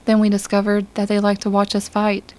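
A woman reading the part of a weary young alien woman from a dying race, speaking quietly and formally in an audiobook. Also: mid-range voice, completely flat delivery, a little fast, natural voice. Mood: solemn. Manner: quiet, resigned, formal speech.

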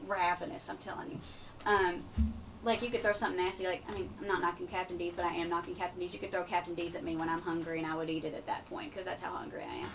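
A woman in her twenties, a radio show guest, telling stories in an animated, bubbly way. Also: medium pitch. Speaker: guest, pageant winner. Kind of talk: casual radio interview. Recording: distant mic with faint room noise.

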